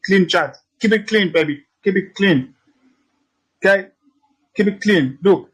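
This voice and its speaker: A man's voice: high-pitched, measured pace, fairly bright tone, husky, low-quality recording. A man teaching trading in a casual walkthrough, brash and teasing, repeating his points and swearing freely. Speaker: trading instructor. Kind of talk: casual screen-share tutorial.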